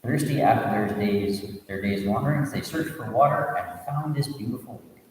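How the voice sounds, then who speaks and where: A man, a reverend, tells a Buddhist tale as a sermon, reading aloud with asides and restarts and giving the characters lively voices. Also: on the low side, moderate pace, a little hiss or hum. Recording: echoey, reverberant room audio from a distant mic.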